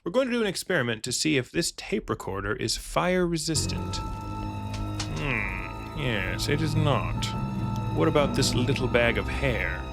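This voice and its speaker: A man's voice: medium pitch, big pitch swings, fairly quick, creaky, hardly any pauses, over loud music. A male comedian riffing sarcastically while reacting to a cartoon, often slipping into silly voices. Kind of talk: comic reaction commentary.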